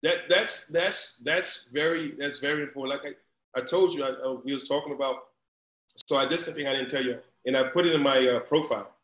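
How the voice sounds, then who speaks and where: A man's voice: medium pitch, fairly quick, fairly bright tone. A middle-aged man from Louisiana with a Southern accent, telling stories in a casual interview, full of restarts and acted-out quotes. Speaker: guest, recruiting company founder. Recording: roomy echo.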